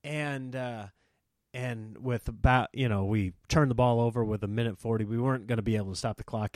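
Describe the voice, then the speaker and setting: A man who performs comedy for a living, talking in an animated, self-mocking, rambling monologue. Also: mid-range voice, normal speed, no room sound, studio quality. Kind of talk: casual talking-head monologue.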